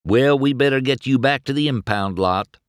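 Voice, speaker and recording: A man's voice: mid-range voice, normal speed, smooth, dry recording, studio quality, pitched above the performer's own voice, natural voice. A man reading a storybook aloud, voicing a goofy, boastful country tow truck who teases in a folksy, sing-song drawl. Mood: teasing.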